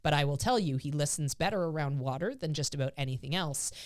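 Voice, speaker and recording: A woman's voice: low voice, quick pace, dry recording, clean studio sound. A woman dog trainer co-hosting a podcast, explaining training in casual chat and acting out quotes. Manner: explains with lively acted-out quotes of her dog.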